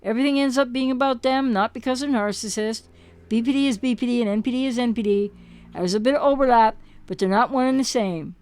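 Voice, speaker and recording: A woman's voice: on the high side, fast, darkish tone, no room sound. A woman coaching her listeners in an impassioned monologue, asking rhetorical questions and repeating words for emphasis. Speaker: relationship recovery coach. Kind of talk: impassioned direct-to-camera monologue.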